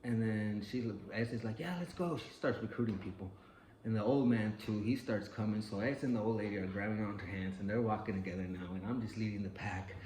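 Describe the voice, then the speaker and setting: A man's voice: on the low side, steady tone, a little fast, darkish tone, echoey room, a little hiss or hum, low-quality recording. A man telling a personal story in a loose, profane way, full of "like" and acted-out quotes.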